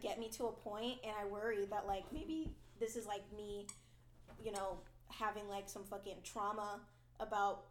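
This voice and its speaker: A woman's voice: medium pitch, echoey room, a little hiss or hum. A woman co-hosting a podcast, speaking bluntly and emphatically in casual chat, with plenty of swearing. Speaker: podcast co-host.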